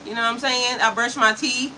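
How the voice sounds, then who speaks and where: Sassy, bright-voiced woman in her fifties. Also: a little high, fairly even intonation, a little fast, slight background noise, poor audio. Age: 50s. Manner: sassy, profane, laughing often, addressing chat directly. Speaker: spiritual coach livestreaming to chat. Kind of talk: casual livestream chat.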